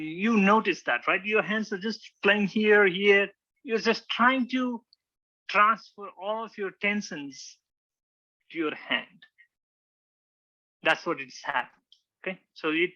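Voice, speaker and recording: Brief: male speaking coach, fairly high bright voice, dull lo-fi recording. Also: expressive, a little slow. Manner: demonstrative, acts out examples, frequent restarts. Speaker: public speaking club instructor. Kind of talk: informal teaching talk with slides.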